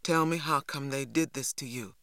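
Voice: mid-range voice, moderate pace, pushed and bright, no echo. A reader voicing a wary, stern teenage boy, cold and terse, in a dry recording. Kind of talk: audiobook reading.

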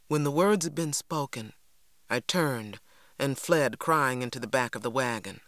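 A reader narrating a novel in a measured, dramatic storytelling manner. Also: medium pitch, a bit bright, dry recording, studio quality. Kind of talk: audiobook narration.

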